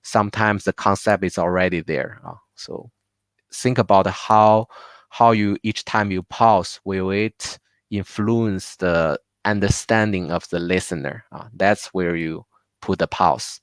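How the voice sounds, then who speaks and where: A man with a Chinese accent teaching a live online lesson, patiently repeating words slowly for his learners. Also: low voice, no echo, clean studio sound. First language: Mandarin Chinese.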